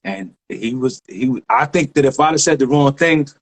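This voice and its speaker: A man, a graffiti writer guest telling a story in lively street slang with sound effects. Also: mid-range voice, normal speed. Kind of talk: animated storytelling.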